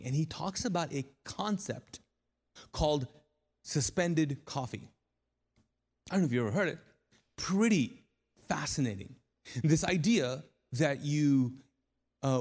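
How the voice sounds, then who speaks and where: Chatty pastor in a reverberant church hall. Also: male voice, mid-range voice. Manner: conversational, chatty, frequent restarts. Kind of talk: sermon. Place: live church auditorium.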